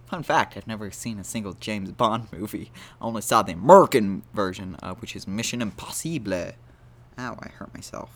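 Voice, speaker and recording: Brief: solo podcast host, man, lower voice, rambling self-deprecating humor. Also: fairly quick, hardly any pauses, a bit bright. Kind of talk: casual solo podcast monologue.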